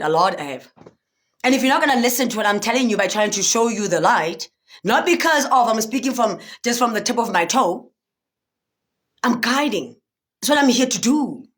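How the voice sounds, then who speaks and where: A young woman giving a spiritual motivational livestream talk, preachy and animated, often asking viewers if they understand. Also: on the high side. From South Africa.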